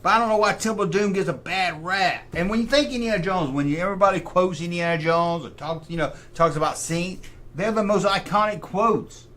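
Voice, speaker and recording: Here the middle-aged livestream host sounds high-pitched and a little fast. He stays animated and opinionated in the casual chat, thinking aloud to himself as he decides between options.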